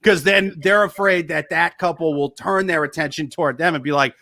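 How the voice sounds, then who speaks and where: Guy on a comedy podcast, high bright voice, riffing silly scenarios. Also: fairly quick, vocal fry. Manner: joking, builds absurd scenarios. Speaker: comedian guest. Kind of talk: casual podcast chat.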